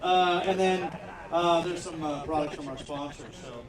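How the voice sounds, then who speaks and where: A man emcees an outdoor backyard comedy show, doing loose crowd work packed with fillers. His voice is on the high side and moves at a moderate pace. The recording is echoey and distant, with a loud crowd behind him.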